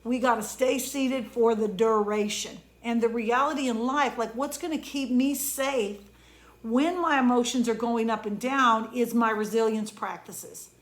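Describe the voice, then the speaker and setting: Woman, emotion coach, motivational pep talk, fairly high voice, earnest and conversational, slows to stress words.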